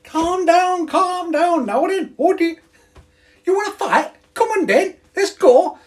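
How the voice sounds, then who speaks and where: A man's voice: animated, unhurried, faint music behind. Man putting on a rowdy Scouse tough guy. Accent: Scouse, put on. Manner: loud, high and jeering. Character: rowdy male Liverpool tough picking a fight.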